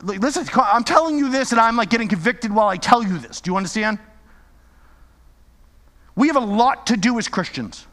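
A man's voice: sits high, fairly bright tone, long reverb tail. A male pastor preaching a sermon with impassioned, repetitive exhortations.

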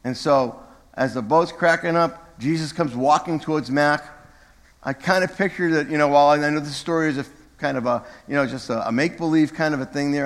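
A man's voice: on the high side, a little fast, big-room sound. A man giving a conversational sermon from the pulpit of a church, sometimes correcting himself and speaking directly to the congregation. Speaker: pastor. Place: church sanctuary.

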